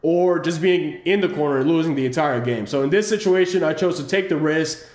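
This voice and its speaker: Guy explaining his fighting game match, kinda high voice, echoey room, stops and restarts a lot. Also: darkish tone. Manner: explanatory, halting with restarts and fillers. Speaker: channel host analyzing his own match. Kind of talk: casual gameplay commentary over footage.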